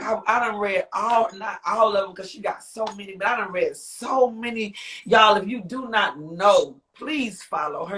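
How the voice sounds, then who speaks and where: A woman's voice: fairly low pitch, fairly bright tone. A woman singer and author, a guest on a live interview, speaking heartfelt and rambling, repeating herself with exclamations. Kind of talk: emotional livestream interview talk.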